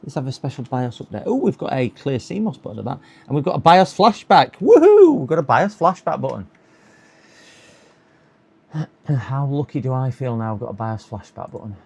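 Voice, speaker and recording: A man talks through a computer repair on a live stream, tired and nursing a sore throat. His voice has a gravelly, creaky edge at a middling pitch. He mutters, chuckles and coaxes the machine along. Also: animated, moderate pace, a little mellow. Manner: muttering to himself, chuckling, hopeful coaxing. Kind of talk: casual live-stream commentary while working.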